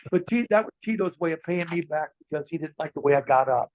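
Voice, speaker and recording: Brief: man in his 60s, slightly high voice, rambling anecdotal guest, tinny dry phone-line sound. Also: expressive, quick pace, dry recording. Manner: rambling anecdotes with many fillers and restarts. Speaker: interview guest, former wrestler and ring announcer. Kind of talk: casual storytelling interview.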